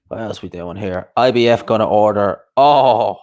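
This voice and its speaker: A man's voice: lowish voice, moderate pace, a little mellow. A young man hosting a boxing talk show, ranting bluntly and heatedly, swearing and repeating himself. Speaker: boxing podcast host. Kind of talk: casual ranting commentary.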